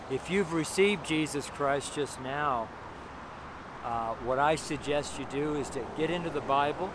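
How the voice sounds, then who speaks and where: A man's voice: on the high side, measured pace. A man preaching a street sermon outdoors by a busy intersection, talking in an earnest, rambling way with many fillers and restarts. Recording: noisy street recording with traffic. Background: loud traffic noise.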